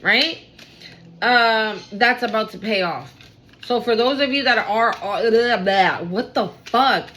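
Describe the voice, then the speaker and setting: A woman giving a casual spiritual reading to her viewers, talking fast and excitably with lots of slang and casual swearing. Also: fairly high pitch, slight background noise, poor audio.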